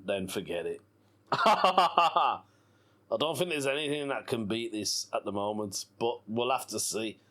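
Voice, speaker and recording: A British man in his thirties hosts a casual solo podcast, his mid-range voice carrying a fairly bright tone. He laughs often and talks in a playful, giggly way, with faint music playing in the background.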